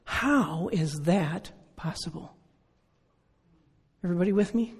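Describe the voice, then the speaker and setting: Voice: medium pitch, measured pace, darkish tone, breathy edge. A preacher in their sixties giving an earnest, conversational sermon full of rhetorical questions. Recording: long reverb of a large hall.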